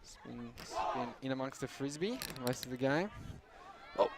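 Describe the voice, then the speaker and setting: A man commentating live sport in a relaxed, chatty way, still out of breath. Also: mid-range voice, moderate pace, heavy background noise.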